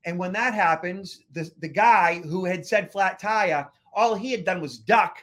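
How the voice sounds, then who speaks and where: A man with a notably high voice co-hosts a podcast and talks in a loose, rambling manner. He tells his story casually and stumbles over repeated words as he thinks aloud. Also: measured pace, a bit bright. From Boston area. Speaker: podcast co-host.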